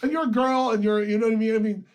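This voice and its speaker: A man's voice: high-pitched, steady tone, rapid-fire, clean tone. A man hosting a talk radio show, chatting casually and adding asides and trivia. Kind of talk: casual chat.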